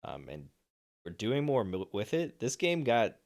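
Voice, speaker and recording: A young man co-hosts a sports podcast, talking through games in loose, casual chat. His medium-pitched voice is very animated but a little slow, with vocal fry and a darkish tone. He rambles, using many fillers and restarts.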